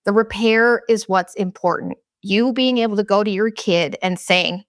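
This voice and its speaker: A woman in her thirties talks straight into the mic, blunt and unfiltered, swearing freely as she opens up about personal matters. Her voice sits at a middle pitch, and the sound is dry and close with no room around it. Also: moderate pace, few pauses, dry recording. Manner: blunt, profane, confessional. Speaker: podcast host. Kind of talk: candid casual monologue.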